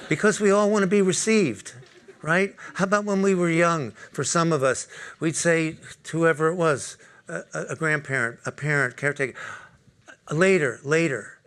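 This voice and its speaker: A man's voice: on the high side, normal speed, fairly bright tone, clean tone. A man speaking at a corporate talk, leading a live group exercise and putting direct questions to the audience. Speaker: workshop speaker.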